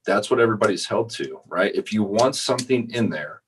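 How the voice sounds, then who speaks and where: A man's voice: fairly low pitch, expressive, fairly quick, a little hiss or hum. A married man co-hosting a sales podcast, talking emphatically and repeating words as he works out his point. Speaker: podcast co-host. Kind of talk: casual chat.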